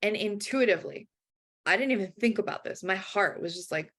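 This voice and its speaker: Animated woman telling a personal story. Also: medium pitch, a little fast. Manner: acts out quoted voices, frequent "like". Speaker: life coach.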